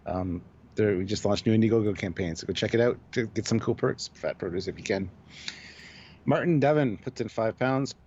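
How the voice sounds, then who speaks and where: A man's voice: lowish voice, a little fast, a little mellow, highs cut off, slight background noise. A man co-hosting a live stream, chatting casually, reading viewer comments aloud and laughing often. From Canada.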